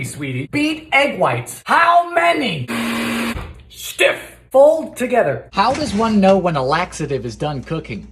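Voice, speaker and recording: Young male comic baking host; high, very animated delivery, roomy home kitchen sound. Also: a little hiss or hum. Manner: theatrical, deadpan asides and sudden shouts. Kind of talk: comedic cooking narration.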